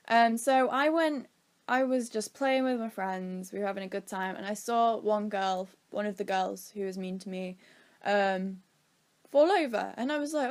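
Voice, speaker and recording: A woman's voice: mid-range voice, moderate pace. A young British woman casually telling a rambling story time, acting out quotes from her childhood. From Britain. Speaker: vlogger.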